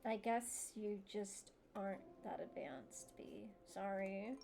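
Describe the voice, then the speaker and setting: A woman voicing a smug, condescending teenage sister in a tabletop game, drawling her put-downs in a quiet, low voice. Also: animated, slow, gravelly.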